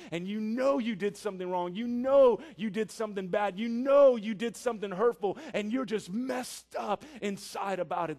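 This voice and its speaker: A man delivers a sermon in an earnest, emphatic way and stacks repeated phrases for effect. His voice sits high for a man. He moves between quiet stretches and forceful emphasis. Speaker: preacher.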